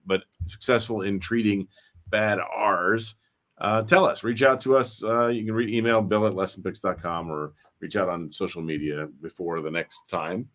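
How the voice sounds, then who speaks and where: Low-voiced man hosting a casual live stream. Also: fairly bright tone. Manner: rambling, with many fillers and restarts. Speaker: host.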